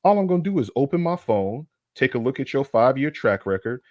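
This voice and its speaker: A man's voice: medium pitch, big pitch swings, fairly quick, no echo, clean studio sound. A man co-hosting a casual sports talk livestream, brash and profane, building into heated rants. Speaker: co-host.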